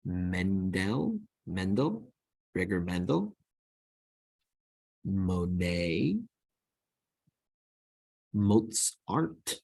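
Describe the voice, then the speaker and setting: Man, teacher, slow, lowish voice, repeats words to model them, dry close recording. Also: big pitch swings, vocal fry, a little mellow, no echo. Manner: slow, repeats each word to model pronunciation. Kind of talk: screen-recorded lesson.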